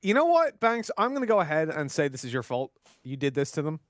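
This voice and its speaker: A man's voice: fairly high pitch, big pitch swings, quick pace, no room sound, clean studio sound. A man with an Irish accent, commentating an esports match in a chatty, joking way with frequent laughs. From Ireland. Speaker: esports caster.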